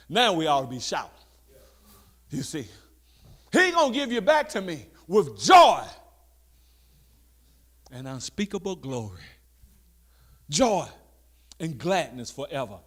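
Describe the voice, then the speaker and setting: A man preaching a sermon. He reads scripture slowly and loudly, then talks back to the listeners, dropping to quiet asides in between. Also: on the high side, big pitch swings.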